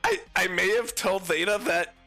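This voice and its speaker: A woman's voice: on the low side, animated, moderate pace, pushed and bright, faint music behind. A woman playing a tabletop game, sheepish and stammering a little. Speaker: player. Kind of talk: casual tabletop play.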